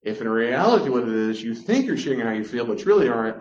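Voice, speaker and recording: A man giving a teaching talk on relationships. He is animated and acts out the voices he quotes. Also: mid-range voice, fast talker, few pauses, slight background noise. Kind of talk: lecture-style teaching. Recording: roomy, slightly dull sound.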